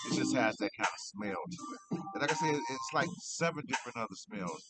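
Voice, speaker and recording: A middle-aged man, high, rambling casually and repeating himself as he reviews cannabis on his vlog. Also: expressive, quick pace, over loud music. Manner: meandering, repeats himself, laid-back.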